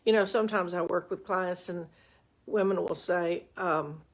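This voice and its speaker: A woman's voice: lowish voice, moderate pace. An older woman, a relationship coach, giving chatty, folksy advice on a live stream with self-mocking asides, into a webcam.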